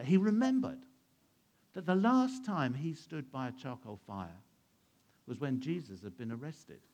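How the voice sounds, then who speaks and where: A man telling a Bible story to children, asking them questions and acting out the scenes. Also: fairly high pitch. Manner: asks the listeners questions and plays out the scenes. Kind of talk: animated Bible storytelling to a young audience.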